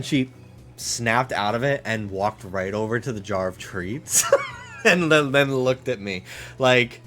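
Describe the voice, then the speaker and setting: Speaking a little slowly with a slightly bright tone, a game streamer chats casually from his home office, cursing freely and slipping into high baby talk for his dog.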